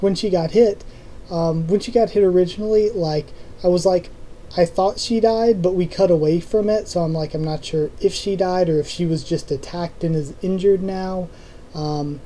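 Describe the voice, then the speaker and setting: A young adult vlog host answering viewer comments in a loose, rambling way, stopping to restart sentences and filling pauses with um. The voice is very dark and mellow and sits at a mid pitch. A faint hiss of room noise lies under it. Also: low-quality recording. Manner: rambling, full of ums and restarts. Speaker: YouTube channel host.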